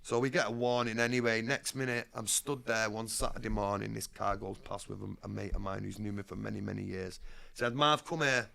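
Male guest, rough gravelly tone, frank street talk with swearing. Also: on the low side, flat delivery, fairly quick, a bit bright. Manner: blunt, streetwise, swearing freely. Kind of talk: candid storytelling interview.

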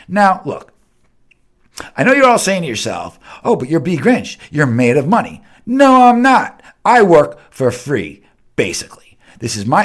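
A man hosting his own podcast, ranting heatedly with lots of swearing, jumping between loud outbursts and low mutters. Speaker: podcast host. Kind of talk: unscripted solo rant.

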